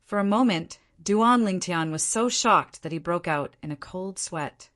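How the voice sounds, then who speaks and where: A woman narrating a fantasy audiobook in a steady, even reading. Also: fairly low pitch, unhurried. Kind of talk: scripted narration.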